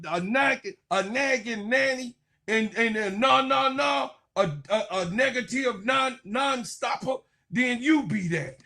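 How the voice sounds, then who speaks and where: A man's voice: high voice, gravelly, pushed and bright. A man giving a heated, profane sports commentary rant, mocking and laughing.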